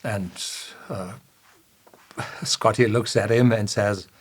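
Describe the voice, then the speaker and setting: Husky man, unhurried, halting whisky reviewer retelling a scene. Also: lowish voice, fairly even intonation. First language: German. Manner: hesitant, many uh fillers and self-corrections, chuckles often. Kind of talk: casual retelling of a film scene.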